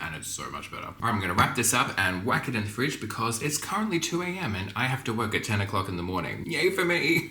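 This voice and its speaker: A cooking channel host chats casually and pokes fun at himself while he cooks. His voice is fairly low, bright, and forceful, recorded in an echoey kitchen with background music playing.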